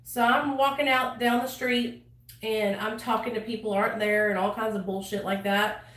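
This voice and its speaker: A woman's voice: on the high side, flat delivery, moderate pace, a bit bright. Blunt, foul-mouthed woman telling her story. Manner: blunt, heavy swearing, lots of fillers. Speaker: channel host sharing her recovery story. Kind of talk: casual storytelling to camera. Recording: echoey room, voice a bit far from mic.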